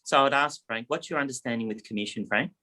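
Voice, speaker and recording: Aussie agent, animated storyteller, mid-range voice, casual coaching tone. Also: male voice, mid-range voice, fast talker. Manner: animated anecdote teller, lively, acts out quotes. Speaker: real estate agent.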